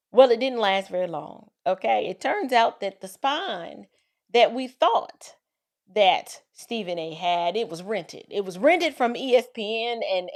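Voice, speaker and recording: A woman hosting an opinionated commentary vlog, speaking with sarcastic, mocking emphasis. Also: on the high side. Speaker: commentary host.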